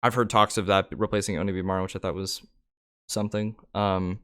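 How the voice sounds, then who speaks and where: A man's voice: low-pitched, little pitch movement, brisk, fairly bright tone, smooth. A young man co-hosting a casual card-game podcast, talking in a rambling way with many fillers and restarts. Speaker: podcast co-host.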